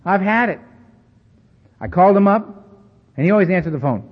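Animated man telling stories in a hall. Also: sits high, normal speed, pauses often. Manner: animated, self-mocking, acts out dialogue. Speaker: speaker at a recovery meeting. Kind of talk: storytelling talk to an audience. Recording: dull recording with long hall reverb.

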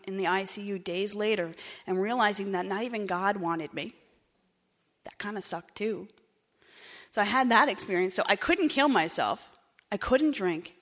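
Candid Jersey woman in an echoey hall. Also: medium pitch. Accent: New Jersey. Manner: candid, wry, swings between hushed and animated. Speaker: speaker sharing her story. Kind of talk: personal recovery talk.

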